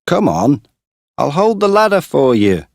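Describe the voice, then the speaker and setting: A man reading an audiobook, voicing a brash young farmhand who calls out loudly. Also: mid-range voice, huge pitch swings, a little slow, breathy edge, dry recording, studio quality, pitched above the performer's own voice, exaggerated voice. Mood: angry. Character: young farm man, brash, teasing brother.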